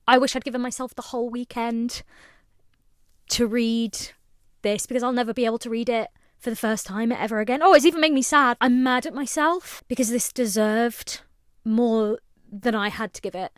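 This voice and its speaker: A woman's voice: fairly high pitch, fairly even intonation, moderate pace, clear, resonant tone, dry recording, studio quality. A woman in her late twenties, a book content creator, giving an earnest, emotional book review while tired. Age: late 20s. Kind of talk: casual book review to camera.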